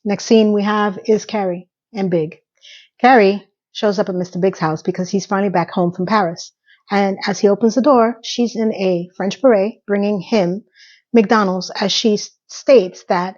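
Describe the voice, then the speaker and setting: A woman's voice: mid-range voice, fairly even intonation, moderate pace, a little mellow, highs cut off. A woman hosting a casual episode recap, chatty and emotional, holding back tears as she retells scenes at home. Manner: chatty, with fillers and self-interruptions. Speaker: recap podcast host.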